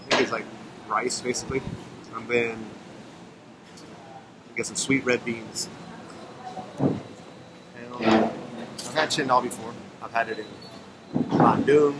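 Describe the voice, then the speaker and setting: An American man chatting as he films his travels, thinking aloud with fillers, a bit hoarse. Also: medium pitch, steady tone, slow, pauses often. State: losing his voice. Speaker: travel vlogger. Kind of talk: casual travel vlog narration. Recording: noisy outdoor street sound.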